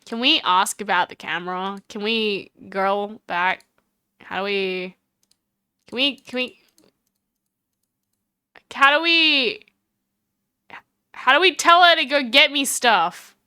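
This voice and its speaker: A woman's voice: on the high side, takes it slowly, long pauses, sharp tone, clear, resonant tone, no room sound, clean studio sound. A woman streamer chatting casually and rambling with self-mocking asides while playing a game.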